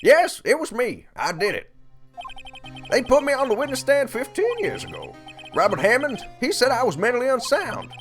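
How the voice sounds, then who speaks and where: A man's voice: extremely high pitch, huge pitch swings, moderate pace, a bit bright, voice pushed up, exaggerated voice. A man voicing a bitter middle-aged ex-bailiff confessing a revenge killing, reading game dialogue aloud in a strained, quavering tone. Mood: bitter, vengeful. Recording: faint game music behind.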